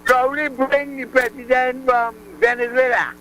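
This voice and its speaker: A man's voice: very high voice, little pitch movement, moderate pace, sharp tone, poor audio. A man calling in to a radio show, hesitant and gossipy, passing on rumours. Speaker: caller.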